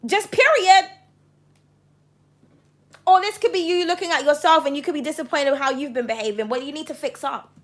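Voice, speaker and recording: Woman, high pitch, tarot reader to camera; passionate, blunt, profane delivery. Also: a little fast, long pauses.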